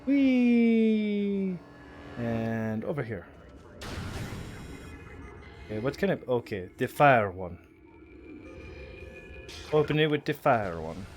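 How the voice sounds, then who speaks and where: A man's voice: medium pitch, animated, slow, long pauses, soft background music. A man giving casual, rambling commentary while streaming a video game. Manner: chatty, rambling, self-deprecating.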